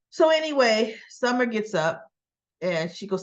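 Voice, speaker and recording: A woman's voice: high voice, big pitch swings, brisk. A woman host casually recapping a soap opera episode, retelling the scenes in quoted dialogue and adding sarcastic asides. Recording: dull lo-fi recording.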